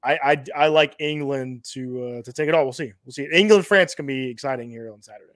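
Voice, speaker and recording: A man's voice: mid-range voice, quick pace, a bit bright, no room sound, studio quality. A man hosting a podcast, chatting casually about sports and reading out funding news, often repeating himself. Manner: hesitant, repeats himself, reads lists of funding rounds. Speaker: podcast host.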